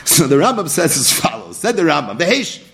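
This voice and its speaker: A man's voice: a little high, huge pitch swings, brisk, vocal fry, fairly bright tone. A man teaching a Talmud study lesson, reading source texts aloud and pressing his points with rising emphasis.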